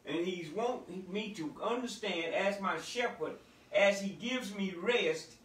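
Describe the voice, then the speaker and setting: High, bright-voiced preaching pastor. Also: male voice, roomy sound, far from the mic, low-quality recording. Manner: builds from quiet prayer to shouted preaching. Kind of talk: sermon.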